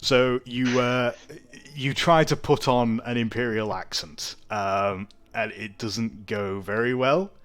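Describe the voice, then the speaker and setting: A man's voice: medium pitch, slow pace, few pauses, fairly bright tone. A man narrating as game master of a tabletop game, chatty with many fillers.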